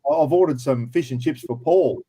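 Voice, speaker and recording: A man with an Australian accent hosting a casual livestream chat and prize draw, matey and quick to laugh. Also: medium pitch, dark tone, breathy edge. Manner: chatty, matey, laughs easily. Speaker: livestream host.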